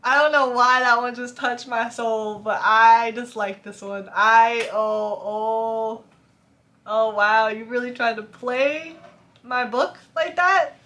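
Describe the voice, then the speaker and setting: Chatty young woman with a bright voice. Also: on the high side, slow. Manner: chatty, laughs often, animated. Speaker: book vlogger. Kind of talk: casual chat reacting to reviews.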